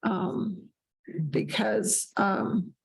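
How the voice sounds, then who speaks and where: Slow, gravelly woman. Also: mid-range voice, steady tone, low-quality recording. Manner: slow and hesitant with many fillers. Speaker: meeting participant. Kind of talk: comment at a public meeting.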